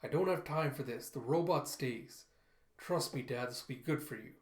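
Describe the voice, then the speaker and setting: A man's voice: mid-range voice, normal speed, echoey room, lightly acted. Man doing Krupp, a curt impatient ambassador. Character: stern middle-aged male ambassador son.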